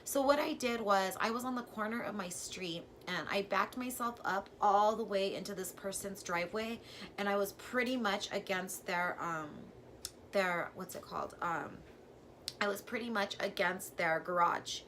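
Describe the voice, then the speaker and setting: A woman vlogger telling a personal story in a casual, chatty way, full of "like" and with sudden jumps from quiet to loud. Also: mid-range voice, moderate pace, slight background noise. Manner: chatty and filler-heavy, says "like" constantly; animated, with sudden swings from hushed to loud.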